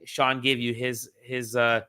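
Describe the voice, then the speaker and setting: A man's voice: medium pitch, level tone, unhurried, pushed and bright, clear, resonant tone. A man hosting a podcast, chatting casually and cheerfully chiming in as the others talk. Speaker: podcast host. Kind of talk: casual chat.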